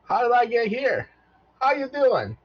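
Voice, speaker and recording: A man voicing a cheerful, folksy male robot who runs a trivia game, in a high, bouncy voice full of old-fashioned exclamations. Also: huge pitch swings, unhurried, heavily acted. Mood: chipper. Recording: dull lo-fi mic.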